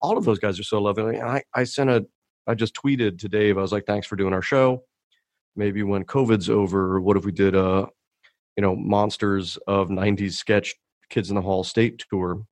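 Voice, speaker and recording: Low-voiced animated man telling stories. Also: normal speed, no echo. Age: middle-aged. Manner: animated storyteller, laughs often, acts out quotes. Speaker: comedian guest. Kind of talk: casual podcast conversation.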